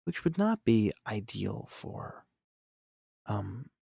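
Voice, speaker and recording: A man's voice: lowish voice, sing-song, takes it slowly, creaky, warm tone, breathy edge, no room sound. A man painting on a live stream, chatting casually and reacting to chat in an upbeat, rambling way.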